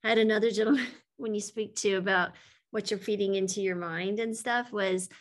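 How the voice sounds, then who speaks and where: A woman's voice: mid-range voice, fairly even intonation, a little fast. A woman hosting a casual interview, conversational and giving frequent "mm-hmm" responses.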